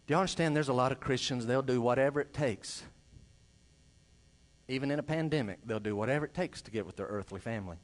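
A male pastor preaching a sermon, swinging between loud emphasis and quiet asides. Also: medium pitch, quick pace.

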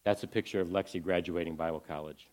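Man, ministry speaker, earnest storytelling talk, drops quiet then lifts with excitement, lower pitch. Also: fast talker. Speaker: ministry speaker presenting to a church audience.

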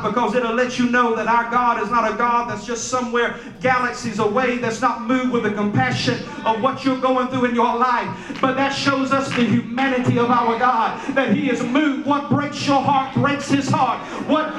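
A man preaching a sermon as pastor, swelling into chanted, sing-song peaks and dropping low and soft when quoting scripture. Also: distant mic. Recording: roomy church hall with music behind.

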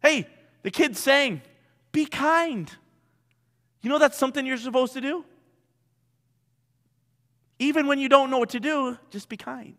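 A male pastor preaching a sermon, animated, with many rhetorical questions. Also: very high voice, unhurried, long pauses, big-room sound.

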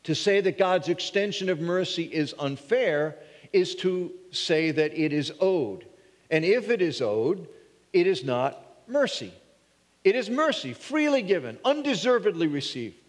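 This earnest preacher speaks slightly slowly in a high, very animated voice, wrestling aloud with hard questions and now and then restarting a phrase. The sermon is recorded with long hall reverb.

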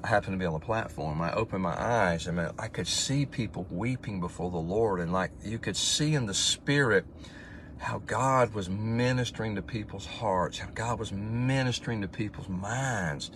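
A man's voice: lowish voice, normal speed, a bit bright, slight background noise. A man, a pastor, reading Bible verses with rising emphasis and then talking about them informally. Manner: reads scripture aloud with rising emphasis, then chats informally; conversational, with fillers and restarts. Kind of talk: devotional Bible teaching.

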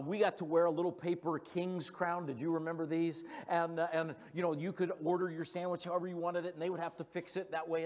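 Middle aged guy preaching in church, jokey storyteller, slightly higher voice. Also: a little mellow, in a large hall. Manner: storytelling with playful humor. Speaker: guest preacher. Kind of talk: sermon. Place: church sanctuary.

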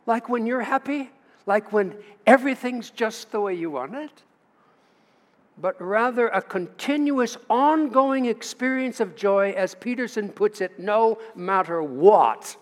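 American pastor preaching, high voice, church echo, leans hard on key words. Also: male voice. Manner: emphatic preaching with long pauses and rising stresses. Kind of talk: sermon. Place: church sanctuary. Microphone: livestream from the pulpit. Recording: long church reverb.

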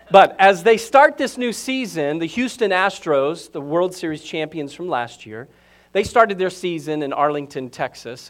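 High-voiced preacher. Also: male voice. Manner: builds from calm explanation to loud, excited proclaiming. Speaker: pastor. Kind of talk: sermon.

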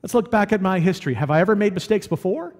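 Male preacher, high voice, chatty sermon full of questions, long hall reverb. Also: animated, fast. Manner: conversational, asking the audience questions.

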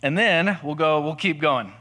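A man's voice: on the high side, normal speed, bright, forceful tone, long reverb tail. A male pastor giving a casual sermon, telling personal stories in a conversational, self-deprecating way.

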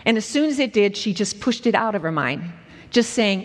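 A woman preacher telling a story in a sermon, earnest and slowing down at dramatic moments. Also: mid-range voice, lively intonation. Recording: echoey hall with long reverb.

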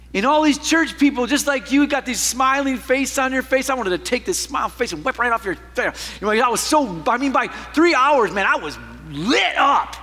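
High, bright-voiced preacher in a hall. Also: male voice. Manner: animated storytelling, swings from loud to hushed. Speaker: pastor. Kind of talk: sermon.

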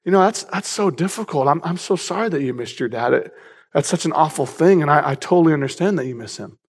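A man putting on a soft-spoken, sympathetic counselor who gently repeats words back. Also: a little high, animated, fast, breathy edge, voice pushed down. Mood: soothing.

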